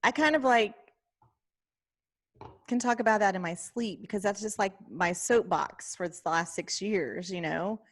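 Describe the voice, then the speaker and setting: A woman podcast co-host in casual chat, telling a story in an animated way and often quoting herself and others. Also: medium pitch, measured pace.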